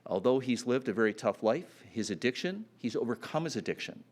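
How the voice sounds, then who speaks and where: A man's voice: medium pitch, lively intonation, fairly quick. A man giving a campaign speech at a public announcement, earnest and full of fillers and restarts. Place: announcement event.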